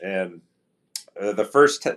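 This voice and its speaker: A man's voice: lowish voice, takes it slowly. A man, a pro hockey player as podcast guest, telling a story casually and acting out what teammates said. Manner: relaxed anecdotal, quotes teammates in dialogue; frequent restarts and fillers.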